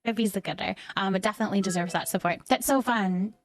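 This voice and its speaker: A woman's voice: mid-range voice, quick pace. A young woman live streaming a game, chatting affectionately with viewers and thanking them by name. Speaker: livestreamer reading out viewer chat. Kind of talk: casual live stream chat while gaming.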